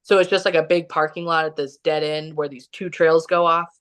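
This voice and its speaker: A woman with a somewhat low voice tells a personal story as a podcast guest. Her talk is casual and chatty, filled with "like", and she acts out what people said. She is from Kansas City, Missouri. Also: flat delivery, fairly quick, fairly bright tone, clean tone. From Kansas City, Missouri, USA. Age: young adult or middle-aged, has a son. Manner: chatty, heavy use of "like", acts out quotes.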